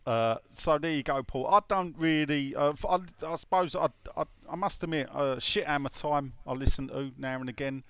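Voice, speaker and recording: A man's voice: on the high side, moderate pace, few pauses, fairly bright tone, smooth, no room sound. A man, co-hosting a casual podcast chat, joking and rambling with stop-start phrasing. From London. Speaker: podcast co-host.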